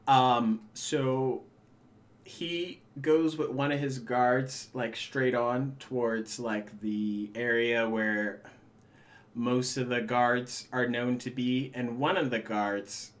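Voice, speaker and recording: A man's voice: medium pitch, steady tone, slow. A man acting as game master on a streamed tabletop game, speaking in a laid-back, chatty way.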